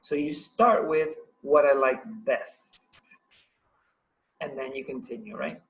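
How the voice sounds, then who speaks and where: A man's voice: fairly high pitch, low-quality recording. A man with a Paraguayan Spanish accent teaching an English grammar class over a video call, patient and encouraging, asking the students lots of questions.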